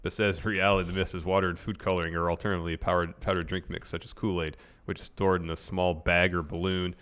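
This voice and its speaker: A man's voice: sits low, little pitch movement, fast, a bit bright, smooth. A man co-hosting a casual podcast, reading points from an article with dry asides. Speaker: podcast co-host. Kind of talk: casual chat.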